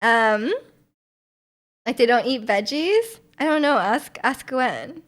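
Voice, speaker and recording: A woman's voice: fairly high pitch, lively intonation, takes it slowly, fairly bright tone. A woman, from Vancouver, chatting casually with her stream viewers in a rambling, giggly way full of fillers. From Vancouver, Canada.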